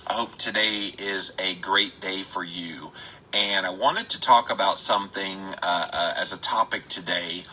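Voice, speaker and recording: A man hosting a live stream, chatting with viewers, greeting them by name and stressing words with drawn-out emphasis. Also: low voice, fairly even intonation, pushed and bright, husky, low-quality recording. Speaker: health podcaster.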